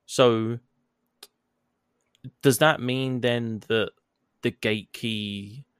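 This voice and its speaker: A man co-hosting a podcast in casual chat, swearing freely and retelling events with animated energy. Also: medium pitch, drawn-out words, clear, resonant tone, dry recording. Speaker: podcast co-host.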